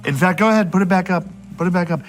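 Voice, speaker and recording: A man's voice: sits high, rapid-fire, faint music behind, close to an everyday voice. A man playing a boastful older male president in a comedy sketch, rambling through blunt insults.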